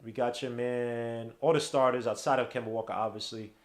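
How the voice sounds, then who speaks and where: A man hosting a casual live-streamed sports podcast, talking in loud, animated bursts full of slang and dropping quiet while he searches his computer. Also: medium pitch, a little fast. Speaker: podcast host.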